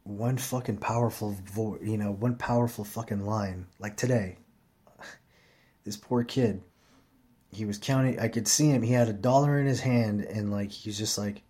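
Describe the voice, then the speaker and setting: A man's voice: lowish voice, steady tone, normal speed, mellow, slightly rough. A man telling his viewers a personal story in a rambling, profane, plainspoken way, tired at the end of a long day. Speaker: vlogger. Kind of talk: casual storytelling monologue.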